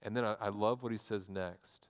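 A man's voice: on the low side, steady tone, moderate pace, long reverb tail. A man, a pastor preaching a sermon in a church, earnest and repeating words as he restarts his phrases.

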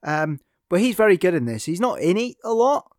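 A man's voice: sits high, sing-song, brisk, dry recording, studio quality. A man giving a casual film review in a rambling, hesitant way, full of ums, trailing asides and self-corrections.

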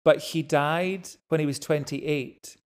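Scottish co-host, playful and excitable, teases freely, casual chat voice. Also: mid-range voice, smooth. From Scotland. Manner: enthusiastic, playful, quick to tease. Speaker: podcast co-host and actor.

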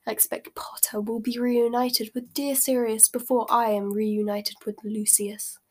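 A woman voicing a cold, haughty aristocratic mother who speaks in quiet menace. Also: a little high, level tone, unhurried, breathy edge. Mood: menacing.

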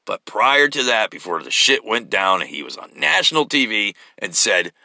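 A man's voice: lowish voice, big pitch swings, normal speed, vocal fry, pushed and bright, no echo. Profane, angry man ranting. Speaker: political commentator. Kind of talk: ranting monologue.

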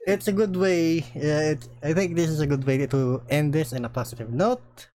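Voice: medium pitch, moderate pace, a little mellow. A podcast co-host in casual chat, giving short reactions and teasing remarks.

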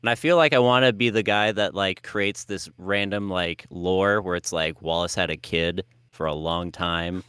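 Guy on a podcast, lowish smooth voice, jokey, acts out his stories. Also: moderate pace, few pauses, no echo, studio quality. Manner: joking, animated storytelling. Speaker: podcast co-host. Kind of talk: casual podcast chat.

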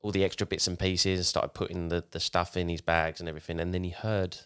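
A man's voice: deep voice, flat delivery, fairly quick, a bit bright, clear, resonant tone. A man hosting a podcast, telling a story casually, rambling along with frequent restarts. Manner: rambling, with frequent restarts while retelling a tale.

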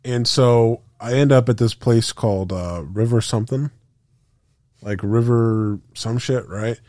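Animated storytelling podcast man. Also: medium pitch, a little slow, no room sound, studio quality. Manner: animated, profane, acts out quotes with sound effects. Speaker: podcast co-host. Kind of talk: casual storytelling chat.

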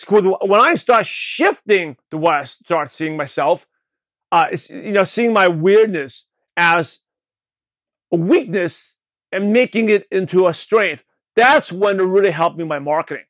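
A man from Brooklyn, New York, hosting a show and giving an energetic motivational talk on network marketing, with a slight lisp, often checking in with the listener. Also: high voice, dry recording. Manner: energetic, repetitive, asks the listener questions. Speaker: podcast host, network marketing coach.

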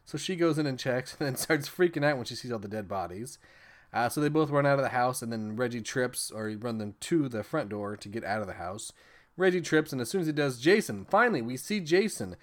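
A man hosting a casual film podcast talks quickly at a mid pitch. He rambles through scene recaps with profanity and bursts of laughter. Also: lively intonation. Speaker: podcast host reviewing films.

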